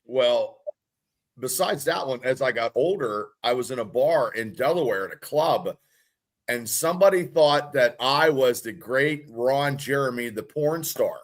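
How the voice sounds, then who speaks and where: A man's voice: mid-range voice, animated, a little slow. A man hosting a podcast in casual chat, blunt and joking as he tells stories. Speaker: podcast host.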